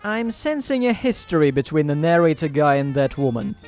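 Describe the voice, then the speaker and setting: A man's voice: a little high, very animated, fairly quick, darkish tone, faint music behind. A man giving dry, sarcastic gameplay commentary as host of a let's play.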